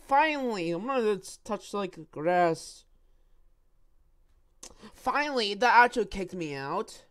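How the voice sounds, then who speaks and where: Slow-talking woman trash-talking in game chat. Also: medium pitch, expressive, clean tone. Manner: joking trash talk with repeated phrases. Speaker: player recording gameplay.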